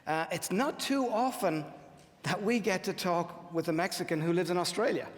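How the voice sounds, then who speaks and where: A man's voice: high-pitched, normal speed. A man hosting a live event, introducing a remote guest and moderating a Q&A in a friendly, upbeat way. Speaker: event host. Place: large event hall with audience. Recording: reverberant hall.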